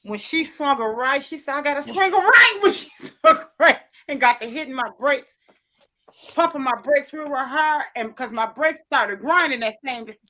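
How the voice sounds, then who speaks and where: A woman's voice: high voice, normal speed, bright, forceful tone. A woman telling a rambling story in casual livestream chat, restarting sentences often and voicing what others said. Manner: rambling storyteller, many restarts, voices quotes.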